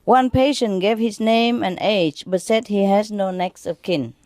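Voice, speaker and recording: A woman spiritual teacher telling jokes to an audience in an unhurried way, often laughing at her own punchlines and restarting her phrases. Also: mid-range voice, darkish tone, no room sound.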